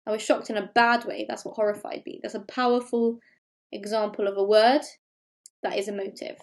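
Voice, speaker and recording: A woman's voice: medium pitch, flat delivery, brisk. English woman teaching a primary class. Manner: clear, explanatory, emphasising key words. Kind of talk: recorded remote lesson.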